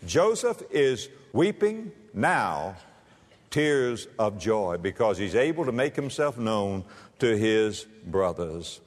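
A man preaching a sermon and reading scripture, swinging between loud high emphasis and low, quiet, drawn-out words. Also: expressive. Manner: reads scripture aloud, drawn-out stressed words. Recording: long hall reverb.

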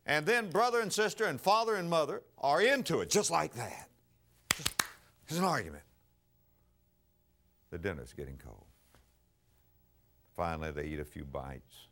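A middle-aged male pastor preaching a sermon, telling stories with acted-out voices and swinging between soft asides and loud bursts. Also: a little high, very animated, normal speed, pauses often.

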